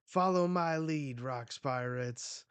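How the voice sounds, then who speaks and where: A man voicing a rowdy male pirate captain who shouts commands at his crew, reading it aloud from a comic. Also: mid-range voice, slow, no echo, voice pushed up, close to an everyday voice. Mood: commanding.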